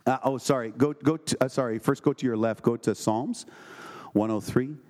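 A man preaches an evening sermon in a medium-pitched, rather dark voice, reading Bible verses out loud. Every so often he interrupts himself to quiz the congregation, his style both chatty and emphatic.

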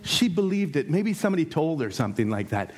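A man co-leading a family ministry talk, speaking earnestly and a little haltingly. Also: fairly high pitch, very animated, breathy edge.

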